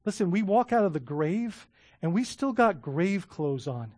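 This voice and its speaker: A man preaching a sermon as a pastor, animated, often restarting words and laughing as he talks. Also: sits high, unhurried, dry recording, studio quality.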